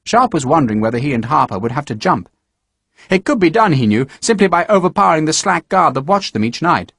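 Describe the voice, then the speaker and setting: A man narrating an audiobook with a steady, measured reading. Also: on the high side, gravelly, no room sound, studio quality.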